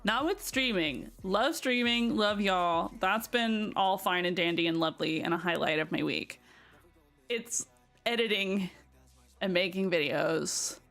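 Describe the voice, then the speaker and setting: A woman with a Southern American accent, chatting casually with her live stream viewers while she plays, giggling often and greeting newcomers brightly. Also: mid-range voice, a little slow. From Southern United States.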